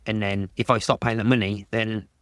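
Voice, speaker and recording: A man's voice: on the low side, little pitch movement, fairly quick, fairly bright tone, no room sound, studio quality. A man talking casually on a podcast, rambling and restarting his sentences with lots of "like". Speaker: podcast guest.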